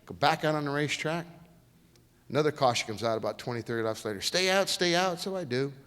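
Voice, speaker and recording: A middle-aged man speaks fast in a mid-range voice as a guest at a storytelling lecture, spinning folksy tales with lively energy and performing the quoted voices. The lecture hall gives the recording plenty of reverb.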